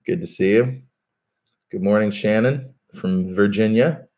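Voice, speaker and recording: Deep-voiced man chatting on a live stream. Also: unhurried, lo-fi sound. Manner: relaxed, chatty, many fillers and restarts. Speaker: podcast host doing a live stream. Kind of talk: casual live-stream chat reading comments.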